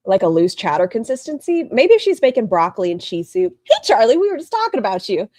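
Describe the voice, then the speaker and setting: A woman's voice: a little high, big pitch swings, quick pace, a little mellow, no echo, clean studio sound. A woman streamer giving blunt, mocking, profane commentary while she watches another stream and reads chat. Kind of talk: casual commentary.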